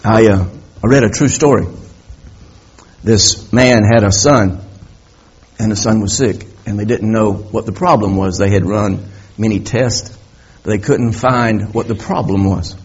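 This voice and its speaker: A man's voice: lowish voice, a little slow, breathy edge. A male preacher telling stories with impassioned emphasis during a sermon, repeating key words, on a dull, lo-fi recording.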